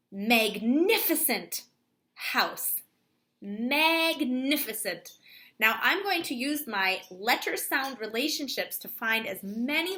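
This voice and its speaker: A woman teacher giving a distance-learning lesson to children, sounding out words slowly and clearly. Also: fairly high pitch, pushed and bright. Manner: slow, clearly stretched-out word sounding.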